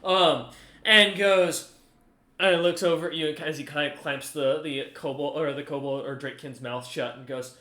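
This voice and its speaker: A man's voice: fairly high pitch, steady tone, normal speed, pushed and bright, reverberant. A man narrating as game master of a tabletop game, rambling with restarts. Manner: rambling, many fillers and restarts.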